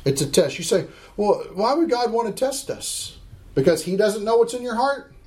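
A middle-aged man with a high voice leads a Bible class. He reads scripture slowly and with stress, then quizzes his students in an emphatic, teacherly way. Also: big pitch swings, darkish tone.

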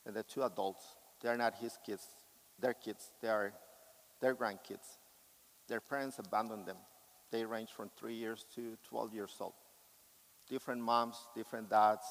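A man's voice: medium pitch, big-room sound, rough recording. A man preaching a sermon with impassioned, emphatic delivery.

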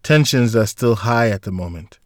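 A man voicing a kind, calm female hospital nurse in an audiobook, polite and reassuring. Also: lowish voice, moderate pace, no room sound, clean studio sound, natural voice. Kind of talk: audiobook character voice.

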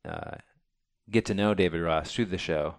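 A man's voice: deep voice, normal speed, creaky. A man hosting a baseball podcast, chatting casually and rambling with many fillers. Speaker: podcast host. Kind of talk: casual chat.

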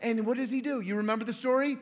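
Male preacher, high voice, lively anecdotal sermon, laughs between lines. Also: quick pace. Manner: animated, acts out quoted voices, laughs often. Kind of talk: storytelling sermon.

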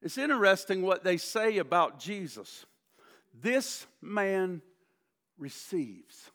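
A man preaching a sermon as pastor, building to emphatic repeated lists and dropping to soft, slow appeals, often restarting words. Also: sits high, sing-song.

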